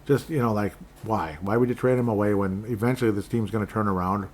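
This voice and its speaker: A man's voice: on the low side, quick pace, a little mellow. A man from Minnesota hosting a sports podcast, rambling casually with sarcastic asides and frequent restarts.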